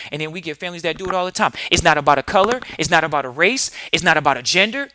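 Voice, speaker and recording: A male podcast host delivers a preachy monologue full of rhetorical questions. His voice is sharp and forceful and sits fairly high. It sounds dry and close. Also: animated, rapid-fire, few pauses, dry recording. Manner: emphatic, fires rhetorical questions.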